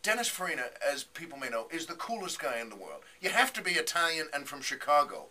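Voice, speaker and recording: A male comedian tells a lively story on a radio morning show, slipping into little voices for the people he quotes. His tone is bright and forward, sitting a touch high for a man. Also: fast. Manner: animated, acts out quotes with voices. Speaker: comedian guest.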